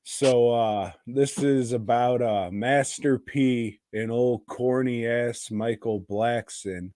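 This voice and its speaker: A man's voice: mid-range voice, fairly even intonation, slow, dark tone, no echo. A man co-hosting a podcast, chatting in a crude, profane, rambling way. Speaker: podcast co-host. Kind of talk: casual podcast chat.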